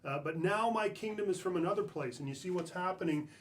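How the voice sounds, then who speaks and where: A man's voice: sits high, fast, slight background noise. A man in a church reading scripture aloud and then talking through it in a casual, conversational way, often checking in with "right?". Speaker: church speaker.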